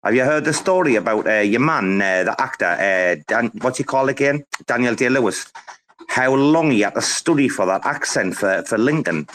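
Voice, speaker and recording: A man's voice: medium pitch, lively intonation, normal speed, fairly bright tone, slight background noise. A man hosting a casual live audio chat, boisterous, laughing often and swearing freely. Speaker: host.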